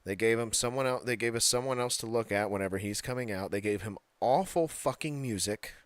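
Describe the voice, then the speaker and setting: A man's voice: medium pitch, fairly quick, dry recording. A man co-hosting a casual wrestling podcast, talking bluntly, swearing freely and laughing often. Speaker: podcast co-host.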